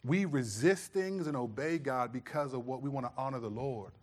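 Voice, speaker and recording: Here a middle-aged pastor speaks at medium pitch and a moderate pace during a sermon. His stories are animated, and he plays out the scolding voice he uses as a dad.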